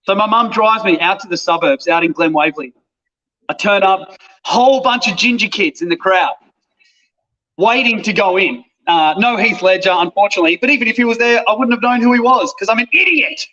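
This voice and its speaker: An actor tells a self-deprecating story in lively, casual chat. His voice sits high and rings bright and forward. The recording is dull and lo-fi. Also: brisk. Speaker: actor, guest. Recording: dull lo-fi sound.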